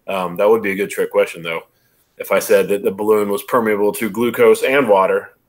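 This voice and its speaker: A man with a slightly low voice leads a relaxed exam review over a video call. He walks through each step and keeps checking that the listener follows. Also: brisk. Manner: conversational, explains step by step with frequent "right?" checks. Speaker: college biology instructor. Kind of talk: casual online exam review.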